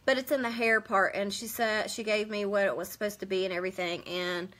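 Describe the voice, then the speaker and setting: A woman's voice: mid-range voice, steady tone, fairly quick, fairly bright tone. A woman, chatting casually on a live stream, rambling and answering viewers' comments. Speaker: beauty vlogger hosting a live stream.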